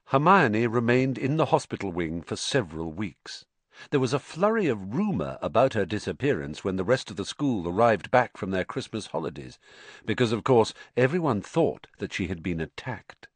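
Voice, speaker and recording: A man reading a storybook aloud, narrating in a lively, expressive way. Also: on the low side, normal speed, no room sound.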